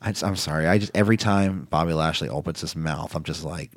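A man's voice: rumbling low, quick pace, dry recording. A man co-hosting a casual chat, rambling with lots of fillers as he retells events. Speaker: podcast co-host.

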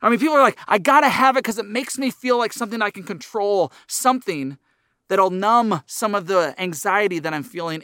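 A man's voice: sits high, sharp tone, dry recording, studio quality. A middle-aged man preaching a sermon as pastor, earnest, his voice rising and dropping for emphasis.

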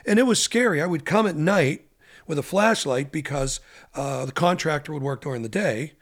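Guy co-hosting, fairly high voice, earnest storytelling. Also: lively intonation, normal speed. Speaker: co-host and musician. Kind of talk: casual podcast chat.

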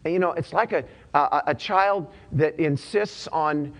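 A man's voice: on the high side, measured pace, fairly bright tone. A pastor delivering a conversational sermon, often repeating his points and using casual slang.

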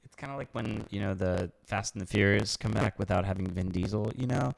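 A man's voice: on the low side, fairly quick, vocal fry, no echo. A man co-hosting a casual music podcast, running through a countdown list with fillers and easy laughs. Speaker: podcast co-host. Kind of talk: casual chat. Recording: noisy amateur recording with clicks.

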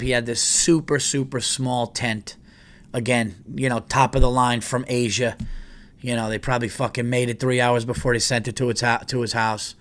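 Rambling, profane male podcast host. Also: medium pitch. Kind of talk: casual storytelling.

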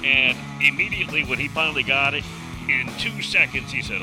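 A middle-aged man hosts a radio talk show over music, telling a folksy story a little fast in a mid-range voice. His casual, chatty delivery keeps repeating and restarting phrases.

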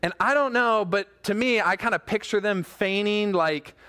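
A pastor with a high voice gives a relaxed sermon to people watching online. He keeps it chatty, with jokes and self-deprecating asides. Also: normal speed, clean tone. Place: church room with a small team.

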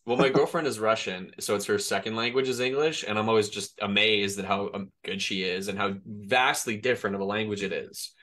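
Casting note: male interviewer, lowish voice, quick chatty delivery, easygoing. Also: a bit bright. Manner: fast-talking, friendly, chatty. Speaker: podcast host, interviewer. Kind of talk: casual interview.

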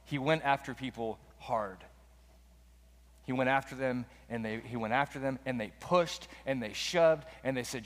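A man's voice: medium pitch, normal speed. A man preaching a sermon in a casual, conversational storytelling manner. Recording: long reverb of a large hall.

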